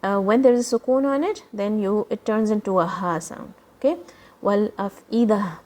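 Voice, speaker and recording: A woman teaching children Quran recitation, patiently explaining each sound and modeling words slowly for them to copy. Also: medium pitch, darkish tone. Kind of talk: children's tajweed lesson.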